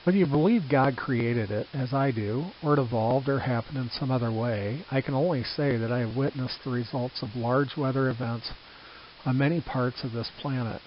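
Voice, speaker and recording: An older man reading his own reflective book aloud, earnest and measured, with small restarts. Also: mid-range voice. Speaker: author narrating his book. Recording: slightly dull with faint hiss.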